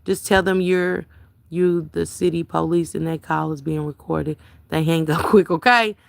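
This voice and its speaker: A woman's voice: sits low, fairly even intonation, moderate pace, creaky, dry recording. A woman hosting a casual livestream, reading viewers' comments aloud and chatting back to them by name.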